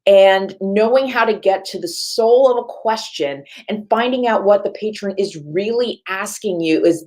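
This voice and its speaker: A woman who works as a reference librarian, giving a chatty panel talk and telling stories that act out the voices of the people in them. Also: fairly low pitch. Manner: lively storytelling, acts out quoted voices; chatty, self-correcting asides.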